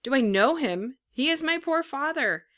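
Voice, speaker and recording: A woman's voice: mid-range voice, unhurried, sharp tone, clean tone, no echo, clean studio sound. A woman voicing a grieving, impulsive wooden puppet boy who wails and pleads. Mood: eager, anxious. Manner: wailing, pleading.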